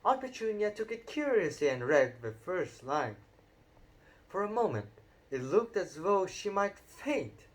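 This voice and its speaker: A man narrating a children's novel aloud in an unhurried, expressive reading with occasional stumbles. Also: high-pitched. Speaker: audiobook narrator. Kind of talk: storybook read-aloud narration.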